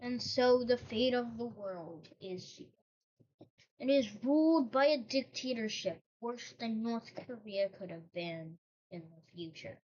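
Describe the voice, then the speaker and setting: A woman's voice: on the high side, lively intonation, a little slow, a little mellow. A woman host telling a made-up history story in a casual, rambling way, breaking off into joking asides. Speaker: channel host. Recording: dull lo-fi recording.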